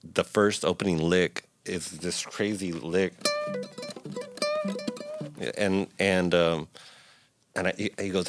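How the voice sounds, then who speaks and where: A middle-aged man, a guest musician, telling stories in a casual interview in a recording studio, acting out quotes with big jumps in pitch. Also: fairly even intonation, a little slow, long pauses, faint music behind.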